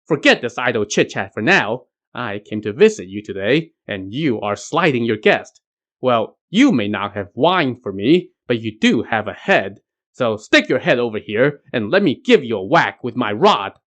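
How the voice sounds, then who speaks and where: A man's voice: mid-range voice, sing-song, normal speed, a bit bright. Sun Wukong, a man doing a brash monkey trickster. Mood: taunting. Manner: mocking, brash. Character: cocky trickster monkey warrior, male.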